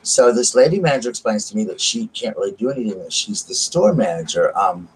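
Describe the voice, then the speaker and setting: An American vlogger with a Southern accent chats casually to camera, rambling and repeating himself as he retells an argument. His fairly low voice is very animated, a little fast, and has a breathy edge, and the audio is poor.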